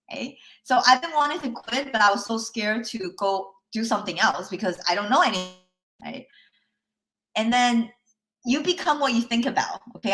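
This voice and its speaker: During a live online workshop, a woman who works as a life coach relates a personal story in a chatty tone. She checks in with listeners often and laughs lightly between points, speaking in a medium-pitched, somewhat bright voice.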